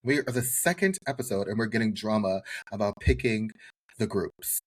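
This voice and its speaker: A man co-hosting a podcast, chatting casually about a TV show in an animated, jokey way. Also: lowish voice, moderate pace, slightly rough. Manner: animated, jokey, does exaggerated voices for quoted people. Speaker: podcast co-host. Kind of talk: casual chat reviewing a TV show.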